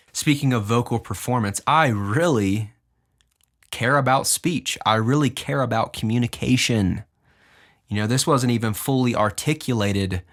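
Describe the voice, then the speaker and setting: A young man hosting a podcast, casually explaining his music and deliberately moving his pitch up and down as he talks. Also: a bit bright. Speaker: podcast host and music producer.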